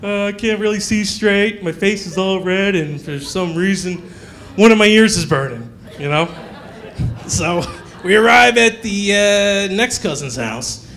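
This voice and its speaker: A male stand-up comedian telling a story on a comedy club stage in an animated way, acting out the characters. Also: sits high, a little slow.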